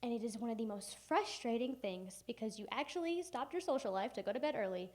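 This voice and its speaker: A young woman delivers a keynote in a fairly high voice, animated and humorous as she acts out the people in her story. She speaks as a storyteller addressing a conference audience. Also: fast. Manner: animated and humorous, acting out family members. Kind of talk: personal storytelling speech. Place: conference hall.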